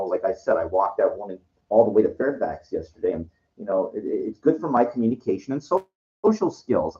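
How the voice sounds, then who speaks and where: A man's voice: lowish voice, darkish tone, muffled recording. A man rambling in a frustrated monologue vlog, repeating himself and restarting his sentences. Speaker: vlogger.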